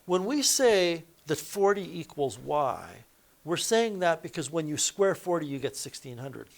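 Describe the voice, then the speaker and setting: Guy teaching math to a class, kinda high voice, walks thru every step and corrects himself as he goes. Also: very animated, measured pace, vocal fry. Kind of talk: classroom lecture.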